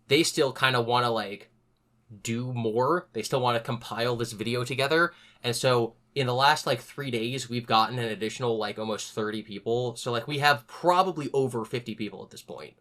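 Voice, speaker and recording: A young man hosts a casual podcast chat. His voice is bright and forward. He tells stories with lively energy and raises his voice to act out what others said. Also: mid-range voice. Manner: animated, acts out other people's lines in a raised voice. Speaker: podcast host.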